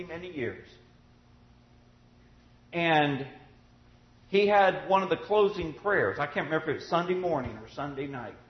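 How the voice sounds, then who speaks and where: A man preaching a sermon in a church. His voice sits high and swings widely, and he presses hard on the scripture he quotes. The recording is roomy and a little dull. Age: older than twenty. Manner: animated, rising to emphatic scripture quotes.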